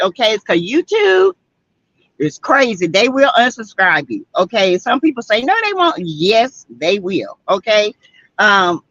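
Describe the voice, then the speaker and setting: A woman's voice: mid-range voice, a bit bright, no room sound, dull audio. A woman with a Southern US accent from South Carolina, hosting a casual livestream and greeting viewers by name in a chatty way. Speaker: livestream host. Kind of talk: casual livestream chat reading viewer comments.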